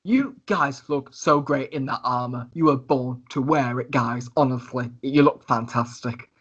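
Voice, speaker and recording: A man's voice: mid-range voice, a little slow, slightly rough, highs cut off. A man putting on a showy flirtatious tiefling thief. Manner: loud, showy, teasing, giggly.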